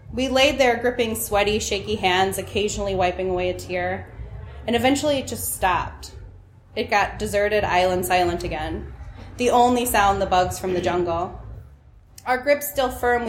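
A woman's voice: mid-range voice, roomy sound, slight background noise. A woman telling a personal story to an audience, wry and self-mocking, often laughing at her own lines.

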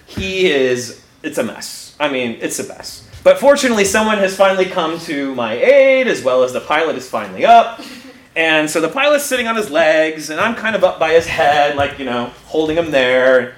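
A man with a high, lively voice tells a comic story to an audience, his pitch leaping about as he laughs through it. The sound is roomy and echoey, with clear noise underneath. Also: moderate pace. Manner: animated, laughing, restarts mid-sentence. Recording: echoey room with background noise.

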